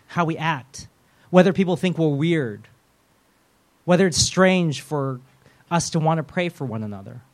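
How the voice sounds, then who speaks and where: Male pastor, middle-aged, casual storytelling sermon, conversational with lots of fillers. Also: a little high. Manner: conversational, rambling with fillers and quoted inner thoughts.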